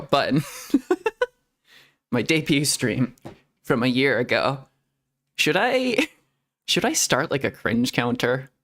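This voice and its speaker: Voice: mid-range voice, a bit bright. A streamer chatting casually on a live stream, giggling between sentences and rambling playfully as they correct themselves. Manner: giggly, laughs between almost every sentence. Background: faint background music.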